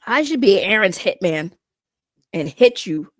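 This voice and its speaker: A woman's voice: medium pitch, animated, no echo, studio quality. A woman livestreamer chatting casually and brashly, swearing and laughing as she answers her chat. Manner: brash, profane, quick to laugh, reacts to chat.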